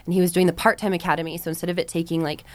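Woman, 30s, podcast guest, candid personal storytelling, earnest, reflective, lower voice, dry close sound. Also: level tone, very fast, dry recording. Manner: earnest and reflective, with frequent ums and likes.

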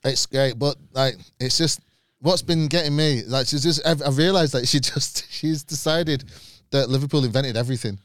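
A man's voice: mid-range voice, moderate pace, no room sound, studio quality. A man guesting on a podcast, telling stories in casual banter, laughing often and swearing freely.

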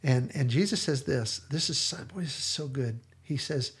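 Male podcast host, mid-pitched, gravelly and slightly raspy, earnest and enthusiastic in casual talk. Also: moderate pace.

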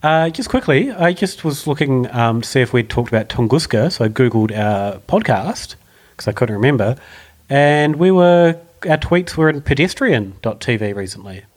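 A man's voice: mid-range voice, animated, moderate pace. A man co-hosting a podcast, chatty and jokey. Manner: chatty, jokey, laughs often. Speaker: podcast co-host. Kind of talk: casual podcast chat.

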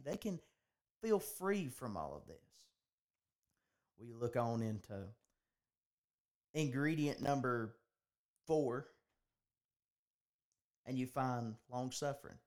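A man's voice: on the high side, a little mellow. A man hosting a podcast, talking in an earnest preaching style, often restarting and repeating his phrases. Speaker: podcast host.

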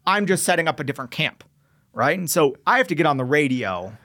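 Talking fast in a fairly high voice, this young veteran entrepreneur is an interview guest in a casual chat. He tells his story with energy, performing snatches of radio talk along the way.

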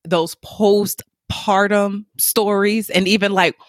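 A woman shares her thoughts in a calm, measured way during a relaxed talk. The sound is dry, with no room echo. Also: medium pitch. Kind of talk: casual chat.

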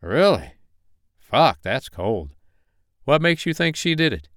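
A man reading the part of a friendly, folksy male state investigator who talks in an easygoing, casual way, pitched well above his own voice. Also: big pitch swings, slow, a bit bright, no echo, studio quality, heavily acted.

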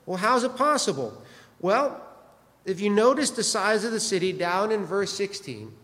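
Male pastor, high voice, chatty joking sermon, long hall reverb. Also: big pitch swings, normal speed, a bit bright. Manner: conversational, joking, asks the congregation questions.

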